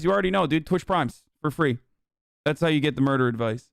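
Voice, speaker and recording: Here is a man with a high voice reacting live on stream. He rants in an animated, profane way, and he keeps sounding stunned by what he watches. His voice comes through dry and close to the mic. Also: fast talker, vocal fry, dry recording. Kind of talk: casual reaction commentary.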